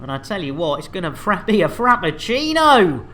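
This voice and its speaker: A man's voice: high-pitched, sing-song, moderate pace, a bit bright. A man casually bantering while streaming a game, rambling and joking with laughs. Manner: jokey, rambling, laughs a lot.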